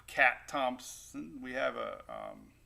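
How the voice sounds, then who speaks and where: A man's voice: mid-range voice, huge pitch swings, slow pace, creaky, bright, forceful tone. A man hosting a casual weather livestream, rambling and upbeat as he chats with viewers. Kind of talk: casual live-stream chat. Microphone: new desktop microphone.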